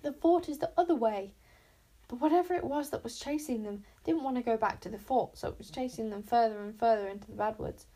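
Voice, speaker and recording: A woman's voice: on the high side, fast talker, hardly any pauses. Woman reading a storybook aloud. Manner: expressive, clearly paced reading. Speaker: audiobook reader. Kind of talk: storybook read-aloud narration.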